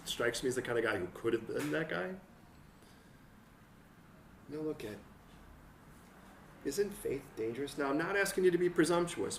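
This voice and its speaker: A man preaching a conversational sermon as pastor, acting out quotes and building to excited peaks. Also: medium pitch, gravelly, slight background noise. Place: church hall. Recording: roomy church sound from a distant mic.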